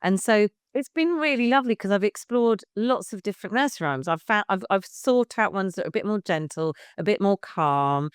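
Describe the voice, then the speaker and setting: A woman's voice: mid-range voice, lively intonation, fairly quick, few pauses, smooth, no echo, clean studio sound. A woman in her fifties, a baby music class leader, chatting frankly as a podcast guest and swearing casually. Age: 50s.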